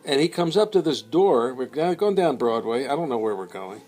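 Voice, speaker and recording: A man's voice: mid-range voice, lively intonation, moderate pace, a little mellow, soft background music. A man casually telling a long anecdote, rambling with many fillers and slipping into quoted voices. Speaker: storyteller.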